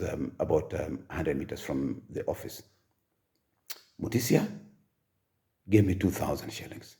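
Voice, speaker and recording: A bass-voiced older man with a Kenyan accent shares his personal history gently and hesitantly. He pauses often and leans on filler words.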